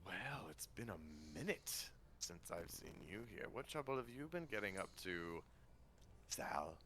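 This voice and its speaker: A man voicing a sly, graceful male lion-folk rogue with a soft but strong, purring voice. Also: low-pitched, very animated, a little slow, a little hiss or hum, full character voice.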